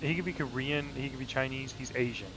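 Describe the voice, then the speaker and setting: A man's voice: medium pitch, quick pace, background noise. Joking man on a casual podcast. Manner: joking, slips into silly put-on voices. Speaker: podcast co-host. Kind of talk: casual comedic chat.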